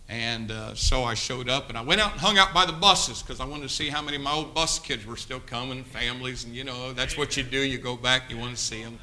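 Bright-voiced male preacher, hushed then loud. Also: mid-range voice, a little hiss or hum, low-quality recording. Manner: swings from hushed storytelling to loud exhortation. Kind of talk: sermon storytelling.

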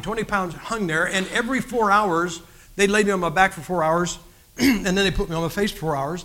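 A man's voice: high-pitched, a bit bright. A man giving a personal testimony as a guest preacher, telling his story in an earnest, folksy way with frequent restarts.

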